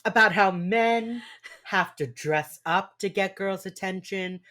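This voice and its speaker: A woman's voice: medium pitch, slow, a bit bright. A woman co-hosting a podcast, recapping a TV episode in casual chat with wry, dry asides. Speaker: podcast co-host.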